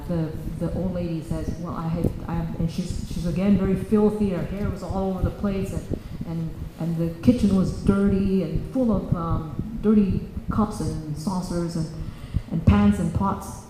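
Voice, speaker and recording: Halting woman telling a children's story. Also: lowish voice, noisy background. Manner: halting, with many fillers and restarts. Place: church hall. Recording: echoey church hall.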